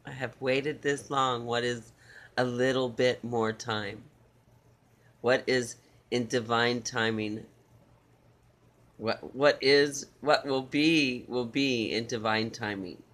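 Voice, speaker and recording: A man reading channeled love messages in a soft, tender way, with repeated phrases and pauses. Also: mid-range voice, steady tone. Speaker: spiritual reader.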